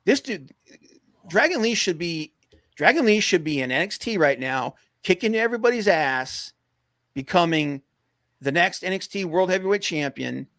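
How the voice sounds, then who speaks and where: Man, podcast co-host, gravelly, rambling, filler-heavy, excitable, dry recording. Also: a little high, no echo. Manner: rambling, many fillers, gets excited and rants. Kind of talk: casual wrestling podcast chat.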